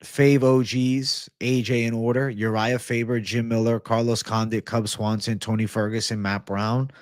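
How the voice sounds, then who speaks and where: A man's voice: mid-range voice, little pitch movement, normal speed, dry recording, clean studio sound. A young man hosting a casual MMA livestream, swearing freely and answering chat in a laid-back way. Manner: profane, laid-back, reads chat aloud. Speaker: MMA show host.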